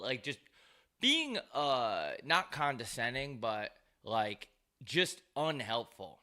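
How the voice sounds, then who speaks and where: A man's voice: mid-range voice, big pitch swings, slow, bright, forceful tone. A man hosting his own show, telling rambling, profane, wry stories in a loose monologue. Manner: profane, wry, ranting storyteller. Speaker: show host.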